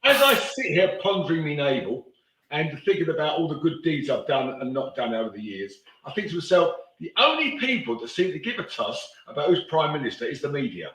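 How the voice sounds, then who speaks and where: A man's voice: fairly high pitch, very animated, fairly quick, a bit bright. A man telling stories in casual chat, ranting with coarse language. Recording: echoey room.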